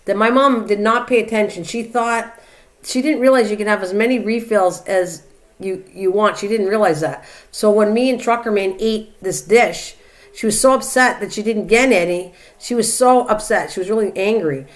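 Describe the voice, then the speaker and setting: A woman's voice: mid-range voice, moderate pace. An older woman hosting a live stream in a casual, rambling way, reading out viewer comments and chatting back to them. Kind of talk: casual chat.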